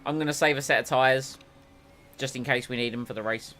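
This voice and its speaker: A man commentates on his own racing game stream in a jokey, rambling way, getting excitable once the race begins. His voice is medium in pitch and a little fast.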